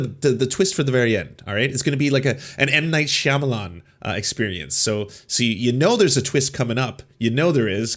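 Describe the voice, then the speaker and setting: A man hosting a political commentary show, reacting to clips with mocking, sarcastic asides. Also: mid-range voice.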